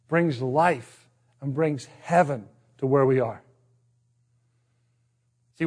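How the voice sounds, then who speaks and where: A man's voice: on the high side, darkish tone. A middle-aged man from Northern Ireland with a partly Americanized Northern Irish accent, preaching a sermon in a conversational, self-deprecating way that is full of restarts. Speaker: pastor.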